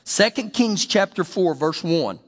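A man's voice: high voice, measured pace, breathy edge, big-room sound. A male pastor preaching a sermon, acting out the voices of the people in his stories. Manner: animated preaching, acts out the voices in stories and scripture.

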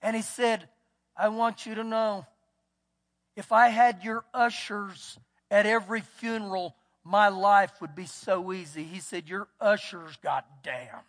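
Man, texas accent, pastor, folksy sermon, bright high voice, reverberant church hall. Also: steady tone, measured pace. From United States. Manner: folksy storytelling, acts out quotes. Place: church sanctuary.

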